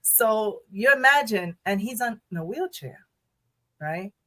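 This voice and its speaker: Animated laughing woman podcast co-host. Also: medium pitch, a little slow. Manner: animated, laughs often, repeats phrases. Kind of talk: casual chat.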